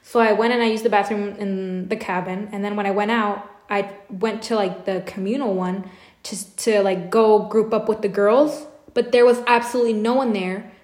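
A woman's voice: medium pitch, fairly even intonation, moderate pace, a little mellow. A young adult woman co-hosting a podcast, telling a long story in casual chat, filling it with lots of filler words. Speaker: podcast co-host. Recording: echoey room.

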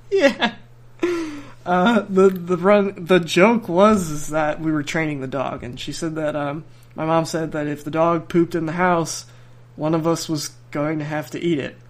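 A young man with a slightly high voice tells a story on a podcast. He rambles, restarts his sentences and laughs through the telling. His talk is relaxed and chatty. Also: a little slow. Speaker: podcast host. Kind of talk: casual storytelling.

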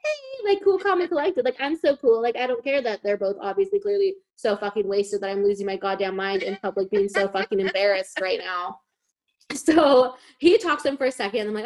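A young woman casually telling a story on a podcast, swearing often and acting out what everyone said. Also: fairly high pitch. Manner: animated, swears often, acts out quotes.

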